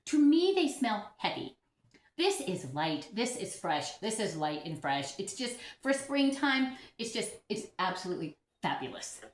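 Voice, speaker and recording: A woman's voice: on the low side, reverberant. A woman vlogging casually about her orchids at home, chatty and giggly, often laughing at herself. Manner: chatty, giggly, self-deprecating. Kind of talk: casual vlog chat.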